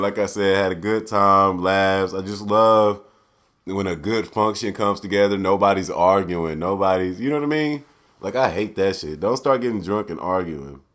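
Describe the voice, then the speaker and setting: A young man hosting a casual solo podcast, loose and profane, swinging from loud outbursts to low mutters. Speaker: podcast host.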